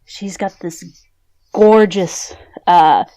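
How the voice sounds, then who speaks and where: A woman's voice: lowish voice, extremely slow, dark tone. A woman running a tabletop game as game master, narrating scenes in a casual, descriptive way with many fillers.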